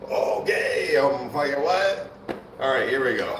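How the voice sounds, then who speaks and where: A man's voice: mid-range voice, animated, slow pace, a bit bright, slight background noise. A man chatting casually on a live bodybuilding stream between sets, laid-back and slangy, often laughing. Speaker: bodybuilding livestreamer. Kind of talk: casual livestream chat while training. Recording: echoey room, mic far off, faint ambience.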